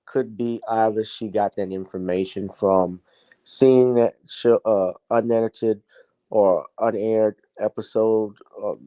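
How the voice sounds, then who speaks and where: Man, live-stream host, casual commentary, rambling, deep, warm tone. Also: rough recording. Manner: rambling, opinionated, trails off. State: tired, yawning.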